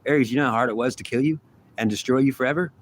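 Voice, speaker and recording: Male astrology reader, mid-pitched, dramatic and rambling, switches into little imagined exchanges, faint noise behind. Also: racing. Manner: intense, rambling, dramatic, acts out imagined dialogue. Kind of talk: monthly tarot reading monologue.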